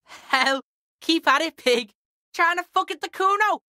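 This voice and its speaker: A woman's voice: very high voice, lively intonation, a little slow, sharp tone, dry recording, clean studio sound, heavily acted. A woman voicing a foul-mouthed, cocky young street boy who brags and talks about himself in the third person. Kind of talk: video game character acting.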